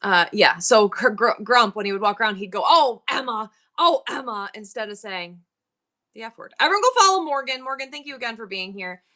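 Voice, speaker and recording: A woman's voice: mid-range voice, animated, fairly quick, pushed and bright. A woman hosting a live online sale, rambling through family stories while thanking viewers by name. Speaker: live-stream seller. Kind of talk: chatty live-sale banter.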